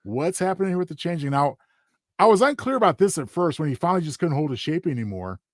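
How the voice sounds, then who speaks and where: A man co-hosting a casual review podcast, explaining his points in a relaxed way. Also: on the high side, fast, no room sound, studio quality. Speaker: podcast co-host.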